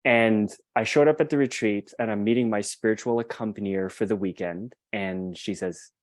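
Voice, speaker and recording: Guesting on a podcast, a young man earnestly reflects on a personal story, frequently breaking off to restart his sentences. He speaks at a normal speed in a lowish voice, with no echo in the recording.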